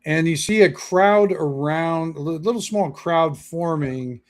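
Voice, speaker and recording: A man narrating as game master in a halting, casual way, full of fillers. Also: a little high. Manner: halting, lots of fillers and restarts.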